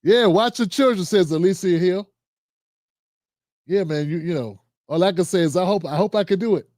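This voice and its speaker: A man's voice: sits high, normal speed, darkish tone, dry recording, clean studio sound. A man hosting a livestream show, reading out viewer comments and signing off in a loose, slangy, chatty way. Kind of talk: casual sign-off and comment shout-outs.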